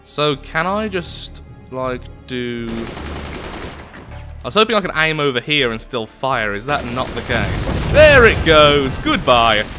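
A man's voice: mid-range voice, lively intonation, slow pace, bright, forceful tone, soft background music. A man giving casual, jokey let's-play commentary, reading on-screen text aloud and exclaiming. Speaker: gameplay commentator.

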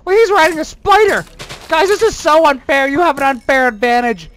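A gamer commenting on their own play in a very high voice. They exclaim constantly, whine when things go wrong, and poke fun at their own mistakes. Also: fairly quick, slight background noise. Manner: excitable, exclaiming and whining at the game; self-mocking.

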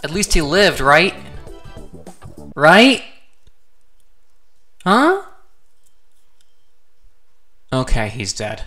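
A woman commentating on a game she is playing, playful and excitable, talking to the characters on screen. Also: low-pitched, extremely slow. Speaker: gaming channel host. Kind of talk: let's play commentary. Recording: music playing under voice. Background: background music.

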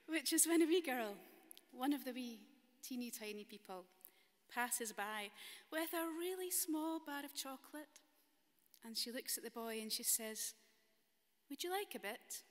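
A Scottish woman minister telling a children's story in a church service in a gentle, playful way. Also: sits high, animated, normal speed. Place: large stone cathedral. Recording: long cathedral reverb.

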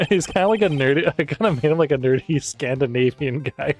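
A man's voice: a little high, animated, a little fast, hardly any pauses, soft background music. A man doing casual commentary while reading out a video game, laughing and making fun of himself. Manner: laughing, self-mocking asides. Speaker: game let's-play narrator.

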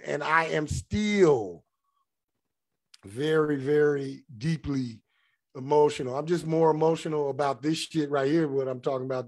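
A middle-aged man hosting a spiritual podcast, reading passages aloud and then riffing on them in a candid, profane, personal way. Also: a little high. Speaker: podcast host. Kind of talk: casual spiritual monologue.

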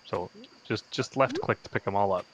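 A man's voice: on the low side, a little fast, highs cut off, noisy background. A man patiently explaining how the farming game works to a fellow player in casual chat. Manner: patient, explains game steps, laughs easily. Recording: game music behind.

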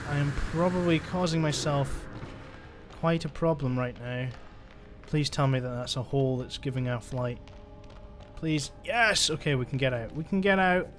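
Young man muttering through a game. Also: fairly high pitch. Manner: chatty, exasperated muttering to himself. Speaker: gaming channel host. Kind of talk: let's-play commentary.

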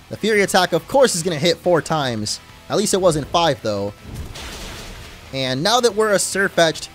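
A man giving chatty, joking, self-deprecating commentary while playing a video game. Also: fairly high pitch. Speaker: let's play host. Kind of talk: casual gameplay commentary.

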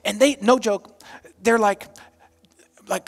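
Pastor in his thirties, lively storytelling sermon, fairly high male voice, shouts out the quoted lines. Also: normal speed. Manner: animated, self-deprecating, acts out quotes loudly.

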